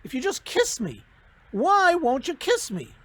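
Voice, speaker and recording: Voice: extremely high pitch, huge pitch swings, measured pace, pitched above the performer's own voice, heavily acted. A speaker voicing a desperate enchanted frog, a princess, in a joke told during a speech, pleading and wheedling. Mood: exasperated.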